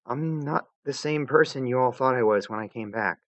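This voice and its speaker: A man's voice: medium pitch, moderate pace, no echo, pitched above the performer's own voice, close to an everyday voice. A man voicing a brash teenage troll girl whose cocky talk turns shaky and full of stammers.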